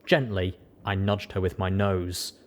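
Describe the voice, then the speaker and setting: Male audiobook narrator, lowish register, measured first-person reading. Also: steady tone.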